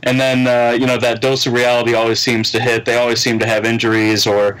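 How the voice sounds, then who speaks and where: A man appearing as guest co-host, giving a relaxed, conversational breakdown of a game. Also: mid-range voice, fairly quick, clear, resonant tone, rough recording. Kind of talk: casual sports chat.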